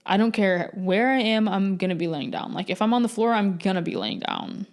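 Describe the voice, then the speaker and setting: A woman's voice: medium pitch, lively intonation, a little fast. Rambling eighteen-year-old woman podcaster. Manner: rambling, chatty, self-mocking. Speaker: podcast host. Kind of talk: casual solo podcast chat.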